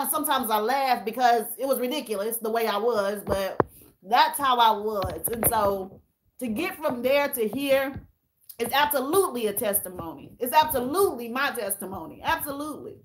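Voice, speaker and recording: Emotional and candid, a woman speaks directly to her livestream viewers as y'all, reading their comments through tears. Her voice sits high against a noisy background.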